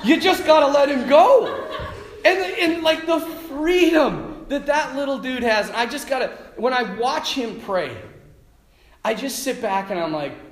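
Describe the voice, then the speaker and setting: A man who is a Catholic priest, giving a conversational homily full of stories, laughing often and swinging between loud and hushed. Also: high-pitched. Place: church. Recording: echoey church room.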